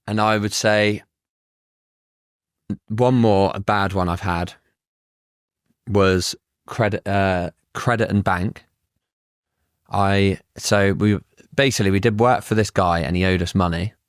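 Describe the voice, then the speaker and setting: A fairly low-pitched man spins lively, swear-filled stories from his surveying work. He talks in a relaxed, casual podcast style. His voice sounds close and dry, with no room sound. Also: measured pace, pauses often, clean tone, no room sound. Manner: blunt, swears freely, lively anecdotes. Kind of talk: casual podcast chat, storytelling.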